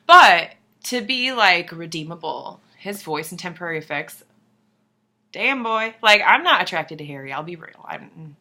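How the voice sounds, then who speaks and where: A young woman talks straight to camera in a loose, rambling vlog, swearing freely and apologizing in the next breath. Her voice is bright and fairly low for a woman, and she slips into quiet whispered asides. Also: animated, measured pace. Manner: rambling, profane, self-deprecating, drops into whispers. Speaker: vlogger. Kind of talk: casual chat to camera.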